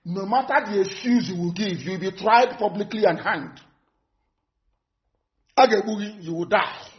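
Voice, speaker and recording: A high-pitched man, a movement leader, delivers a live broadcast address in an emphatic, threatening manner, repeating his warnings again and again. The audio is dull, lo-fi broadcast quality.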